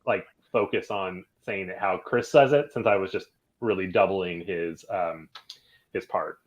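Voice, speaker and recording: A man, a band member guest on a podcast, telling a studio story in a halting, rambling way full of restarts. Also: low voice, muffled recording. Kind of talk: casual interview chat.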